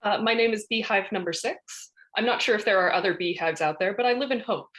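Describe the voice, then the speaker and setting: A woman's voice: medium pitch, a little fast, fairly bright tone, lightly acted. A woman playing a Warforged robot ranger with a bee hive inside, speaking plainly and matter-of-fact. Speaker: player.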